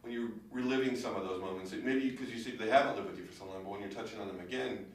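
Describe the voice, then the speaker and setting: A male interviewer asking long, halting questions full of restarts. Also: on the low side, slight background noise. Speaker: interviewer, host. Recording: roomy, far from the mic.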